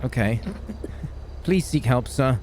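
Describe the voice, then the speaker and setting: A man with a London accent roleplaying a police officer, talking bluntly with dry, deadpan humor. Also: medium pitch, takes it slowly, a crowd in the background. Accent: London English. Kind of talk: in-character roleplay chat.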